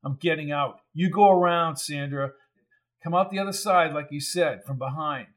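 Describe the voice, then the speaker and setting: A man voicing a steady male coach who talks plainly and directly, for an audiobook. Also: fairly high pitch, normal speed, close to an everyday voice. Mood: commanding. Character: steady male football coach, calm under fire.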